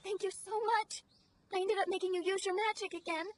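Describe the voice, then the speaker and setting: A woman voicing a gentle, devoted young schoolgirl in an anime English dub. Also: extremely high pitch, steady tone, brisk. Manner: polite, gentle. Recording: anime soundtrack with music and crowd noise.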